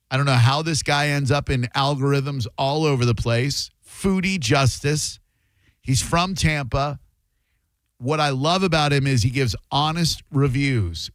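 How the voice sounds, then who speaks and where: A man's voice: mid-range voice, no echo. A man hosting a radio talk show, chatting casually with sarcastic asides. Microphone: studio microphone.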